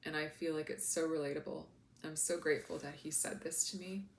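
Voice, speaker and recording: A woman talking in a casual, heartfelt vlog as a spiritual coach, soft and earnest with many fillers. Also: low-pitched, fairly even intonation, fairly quick, vocal fry. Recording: echoey room with faint noise.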